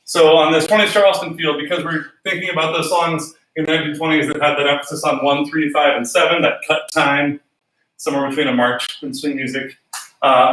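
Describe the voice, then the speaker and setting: Man, dance teacher, counting beats aloud, bright voice, fairly high, echoey room, a bit off-mic. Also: distant mic.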